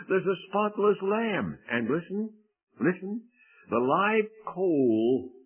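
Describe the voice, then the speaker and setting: A man's voice: mid-range voice, breathy edge. A man preaching a sermon, dramatic, telling a story with quoted voices. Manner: dramatic, swings from slow to fast. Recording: tinny phone-like radio broadcast.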